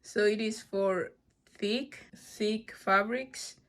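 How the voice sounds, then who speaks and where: Slow, hesitant woman unboxing on camera. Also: mid-range voice. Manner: hesitant, self-correcting, apologetic. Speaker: vlogger. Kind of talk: casual unboxing vlog.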